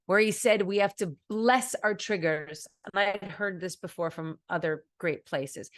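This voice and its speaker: A woman's voice: lowish voice, no room sound. A woman streamer giving casual advice in an earnest, rambling way, acting out her own thoughts as she goes.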